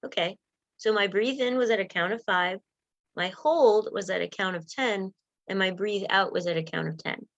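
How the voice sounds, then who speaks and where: A woman coaching listeners through self-help steps and breathing exercises in a gentle, encouraging way. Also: mid-range voice, moderate pace, no room sound, muffled recording. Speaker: wellness coach. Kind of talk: guided self-help talk.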